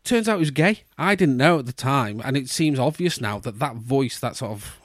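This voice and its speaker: A man's voice: medium pitch, expressive, moderate pace, no room sound. A middle-aged man, telling a long, rambling story in casual podcast chat, full of restarts and fillers. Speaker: podcast co-host.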